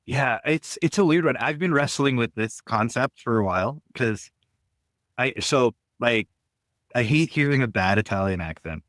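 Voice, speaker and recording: A man's voice: mid-range voice, animated, normal speed, a bit bright, no room sound. A Canadian man with a Canadian accent, co-hosting a podcast and chatting casually in an opinionated, emphatic way. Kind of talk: casual chat.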